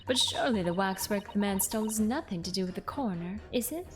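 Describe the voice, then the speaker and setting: A woman voicing a polite, gentle young woman assistant while reading game dialogue aloud, in a soft and formal way. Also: medium pitch, expressive, fast, faint music behind, lightly acted.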